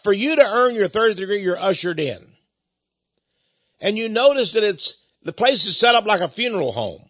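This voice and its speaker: A man's voice: high voice, sing-song, normal speed, fairly bright tone, dry recording. A man giving a dramatic storytelling lecture, emphatic, repeating words and lingering on key phrases, on a dull lo-fi recording. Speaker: lecturer on religion.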